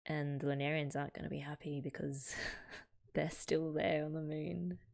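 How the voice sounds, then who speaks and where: A woman's voice: low voice, steady tone, moderate pace, creaky, a little mellow. An Australian woman hosting a manga reaction, casually thinking aloud and correcting herself as she goes. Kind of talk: casual reading and reaction commentary.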